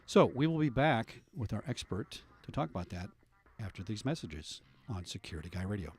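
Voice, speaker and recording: A middle-aged man hosting a radio talk show, telling police stories with lively animated delivery. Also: on the low side, a little fast, soft background music. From United States. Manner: animated storyteller, acts out voices in anecdotes.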